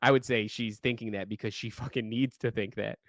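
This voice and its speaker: A man co-hosting a podcast, reading listener stories in casual chat, animated and profane, often laughing while he reads. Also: lowish voice, brisk, dry recording, clean studio sound.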